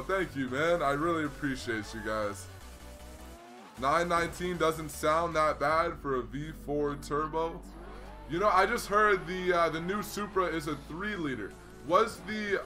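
A man's voice: fairly high pitch, bright, forceful tone. A young man hosting a casual gaming livestream, chatting freely, greeting viewers and reading their messages aloud. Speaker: livestream host.

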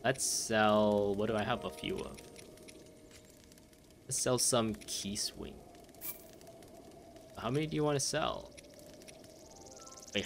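A man's voice: on the low side, vocal fry, a bit bright, slight background noise. A man giving casual let's play commentary, rambling and easily distracted, laughing often as he plays. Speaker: gameplay commentator.

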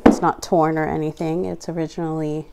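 A woman's voice: low voice, level tone, fairly quick, creaky, heavy background noise. A young adult woman casually narrating an unboxing at home, reading out prices item by item with chatty asides. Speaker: vlogger unboxing a craft store grab bag.

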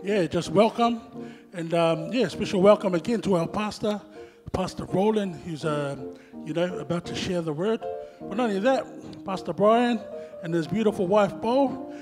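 A man's voice: high voice, moderate pace. A man co-hosting a church service, giving easygoing, chatty welcomes to visitors, pastors and the congregation. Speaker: church program co-host. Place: church hall. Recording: hall reverb with guitar behind.

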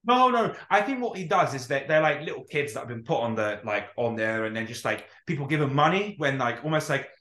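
A man's voice: mid-range voice, brisk, few pauses. A man co-hosting a podcast, telling stories in casual chat, swearing freely and acting out what people said. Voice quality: animated storyteller, swears freely, acts out quotes. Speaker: podcast co-host. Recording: roomy echo.

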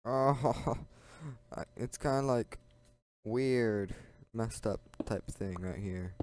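A man's voice: medium pitch, extremely slow, darkish tone, slight background noise. A man in casual gaming commentary, chatty and easily distracted, talking into a headset from his computer chair at home. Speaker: gaming channel host.

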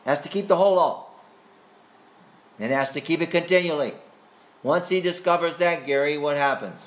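A man's voice: on the high side, normal speed, long pauses. A man leading a church catechism class in a Bible study teaching style. He keeps calling on students with questions, with plenty of hesitant "uh"s and "um"s in between. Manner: questioning, calls on students by name; hesitant, with frequent fillers.

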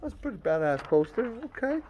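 A man's voice: high-pitched, very animated, fairly quick, darkish tone, a little hiss or hum. A man co-hosting a record store vlog, joking, teasing and swearing in casual banter.

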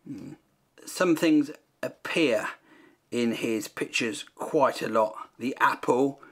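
A man's voice: mid-range voice, slightly rough. A man hosting a comic paint-along video, talking in a dry, joking way and making jokey asides to himself. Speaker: host painting a copy of a famous artwork.

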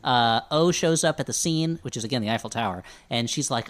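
A man's voice: mid-range voice, a little fast, hardly any pauses. A man hosting a podcast, casually recapping a movie plot with wry asides. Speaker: podcast host.

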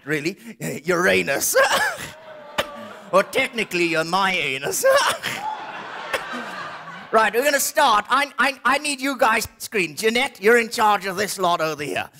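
A South African ventriloquist voicing a flamboyant, camp male puppet who calls everyone darling, with a raspy voice, performing live on a comedy stage. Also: high voice, sharp tone, exaggerated voice. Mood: bossy camp. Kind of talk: stand-up ventriloquism.

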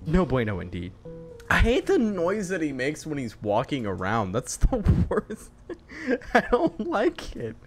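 Jumpy woman yelling over game music. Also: low-pitched, huge pitch swings, a little slow. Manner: screams and yells at the game, mutters to herself. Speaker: gamer. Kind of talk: horror game commentary.

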